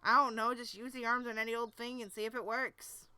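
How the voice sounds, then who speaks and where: A woman voicing a cool, deadpan teenage boy from Texas, trying for a drawled southern accent. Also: a little high, a little fast, smooth, soft background music. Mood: deadpan teasing. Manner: weak put-on southern drawl.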